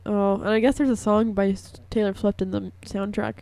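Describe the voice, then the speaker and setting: A young woman hosts a college radio show, chatting in a gushing, filler-heavy way. Her voice is hoarse from a lingering cough. The sound is dry and close, with no room around it. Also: mid-range voice, little pitch movement, a little fast, dark tone, no room sound. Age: young adult. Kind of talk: casual radio chat. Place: radio studio.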